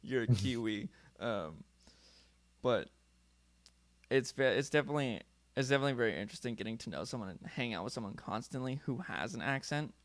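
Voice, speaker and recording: A man's voice: medium pitch, lively intonation, fairly quick, dry recording. American guy hosting a chill interview on a call, bouncy voice, chatty. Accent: neutral American. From California. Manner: friendly, laughs often, chatty. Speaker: podcast host. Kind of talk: casual interview chat over a video call. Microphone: video call.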